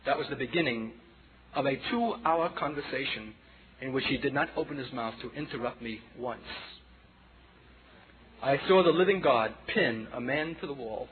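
A man preaches at a normal pace in a medium-pitched voice and a Brooklyn accent, dramatizing a story and falling from loud to hushed as he speaks to the congregation as children. The sound is thin and phone-like, with an audience audible.

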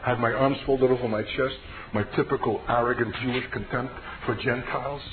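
A man's voice: medium pitch, fairly even intonation, brisk, noisy background. Impassioned man on a tinny radio broadcast. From United States. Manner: impassioned, emphatic storytelling. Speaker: preacher giving his testimony. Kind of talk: personal testimony sermon.

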